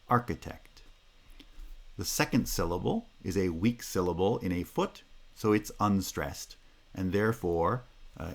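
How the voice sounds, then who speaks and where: A man with a North American accent giving a recorded linguistics lecture, explaining steadily with frequent "uh" pauses. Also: sits low. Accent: North American English.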